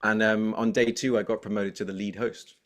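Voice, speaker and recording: A man in his forties with an English accent, a talkative, energetic guest telling stories in a casual interview. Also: fairly low pitch, brisk. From England. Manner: energetic, talkative, animated storyteller.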